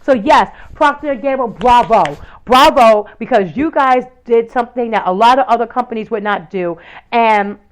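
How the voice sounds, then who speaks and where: A woman's voice: a little high, fairly quick, poor audio. A woman in her thirties or forties, hosting a talk show and speaking in an impassioned monologue full of rhetorical questions and fillers. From United States. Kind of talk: passionate opinion monologue.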